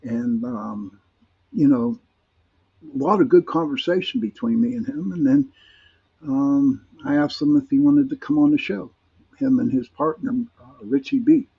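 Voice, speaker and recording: Guy hosting a podcast, husky voice, lots of ums, muffled lo-fi sound. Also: medium pitch, expressive, unhurried. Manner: rambling, friendly, many fillers and restarts. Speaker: podcast host. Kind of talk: live-stream podcast chat. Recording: dull lo-fi streamed audio.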